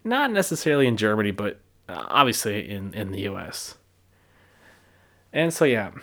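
A man's voice: lowish voice, very animated, normal speed, fairly bright tone. An American man hosting a solo podcast, talking reflectively in a rambling way with fillers and restarts. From United States. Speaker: podcast host.

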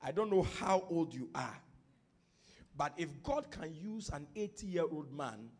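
A man's voice: on the high side, big pitch swings, unhurried, slightly rough. A Ghanaian man preaching a sermon as pastor, teaching from scripture and building up to fervent declarations. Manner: builds from quiet teaching to shouted prophetic declarations.

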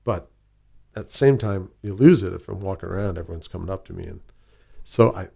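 Gravelly Chicago man telling stories. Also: low-pitched, a little fast, warm tone. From southwest side of Chicago. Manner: rambling, with many fillers and restarts. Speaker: guest, whisky ambassador. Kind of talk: casual interview storytelling.

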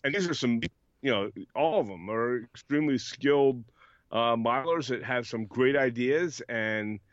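A man's voice: mid-range voice, normal speed, dry recording, highs cut off. A man co-hosting a casual podcast, rambling and telling stories. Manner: rambling storyteller, laughs often. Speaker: podcast co-host.

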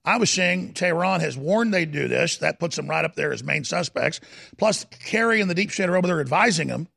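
A man hosting a studio talk show, giving heated political commentary in an emphatic, dramatic way, slowing down to stress points and at times rising to a shout. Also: on the high side, expressive, dry recording. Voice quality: gravelly. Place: broadcast studio.

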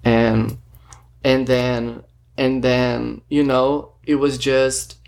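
A man tells a story straight into his own camera, and his voice keeps sinking into a gravelly, creaky fry. He rambles, packs in fillers and acts out snippets of what people said. His pitch sits right in the middle for a man. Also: level tone, extremely slow, darkish tone. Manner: rambling, filler-heavy, retells talks with quoted dialogue. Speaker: vlogger. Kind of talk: casual storytelling monologue. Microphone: self-recorded camera or phone.

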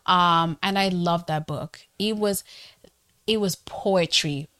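A woman co-hosting a casual book club podcast, animated and laughing often, with frequent restarts. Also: lowish voice, slow, dry recording. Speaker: podcast co-host.

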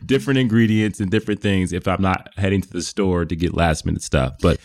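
A man's voice: deep voice, brisk, no room sound. A man in his thirties co-hosting a casual chat, rambling through a funny story and laughing often. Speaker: podcast co-host.

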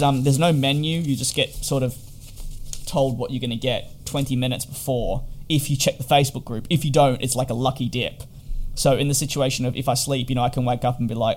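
A man's voice: mid-range voice, darkish tone, a little hiss or hum. A man chatting casually in a vlog about hotel quarantine, rambling and wry with lots of fillers. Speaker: vlogger.

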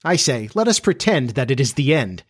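A man's voice: mid-range voice, sing-song, normal speed. A man voicing a gloomy young boy in a storybook reading.

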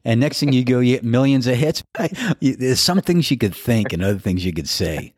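A man's voice: mid-range voice, lively intonation, normal speed, dry recording, studio quality. An older man hosting a podcast in casual chat, telling candid, crude stories and laughing often. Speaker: podcast host.

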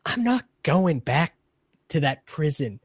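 A man's voice: a little high, big pitch swings, takes it slowly, breathy edge, no room sound, clean studio sound. A man in his twenties, a podcast guest in casual chat, laughing and self-mocking as he talks.

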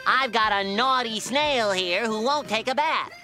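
A man voicing a cheerful, naive male sea sponge in a cartoon, squeaky and excitable. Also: measured pace. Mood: excited. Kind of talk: cartoon voice acting. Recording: cartoon clip with music behind.

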